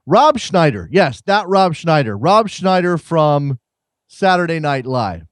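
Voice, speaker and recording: Male call-in host, wry and rambling, slightly high voice, dry studio sound. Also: sing-song, slow pace, dry recording. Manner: wry and rambling, often repeats words. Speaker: host of a soccer call-in show. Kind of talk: casual chat.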